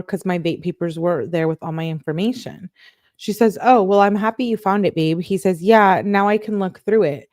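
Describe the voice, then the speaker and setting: Female true crime vlogger, lower voice, reads texts fast with sarcastic asides; dry, close sound. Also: a little mellow, no room sound. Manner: quick, sarcastic asides between read-out texts. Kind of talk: reading text messages aloud with commentary.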